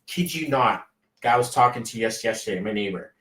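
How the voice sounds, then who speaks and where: A man's voice: medium pitch, expressive, a little fast, fairly bright tone, distant mic. A man hosting a casual live stream as a business coach, rambling and hypey, often slipping into quoted voices. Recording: echoey room, voice off-mic.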